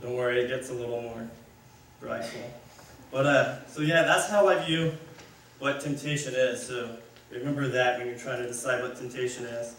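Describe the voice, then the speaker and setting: A man's voice: medium pitch, steady tone, normal speed, fairly bright tone, slight background noise. A man giving a casual, conversational sermon, rambling and correcting himself as he goes. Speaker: speaker. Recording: echoey hall, mic far off.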